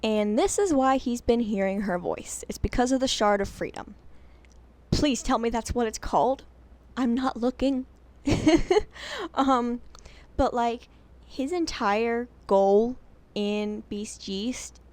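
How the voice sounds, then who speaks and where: A woman giving casual, unscripted game lore analysis in a rambling, giggly, self-deprecating way. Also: mid-range voice.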